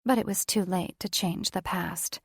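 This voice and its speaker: A woman narrating a paranormal romance audiobook in measured, steady storytelling. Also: lowish voice, slightly rough, dry recording, studio quality. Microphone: studio microphone.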